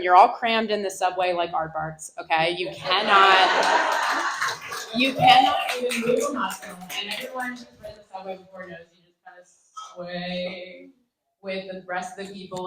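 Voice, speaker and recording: A woman telling a self-mocking personal story live on stage into a microphone, animated and often laughing through her lines. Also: lowish voice, slight background noise, poor audio. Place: live stage before an audience.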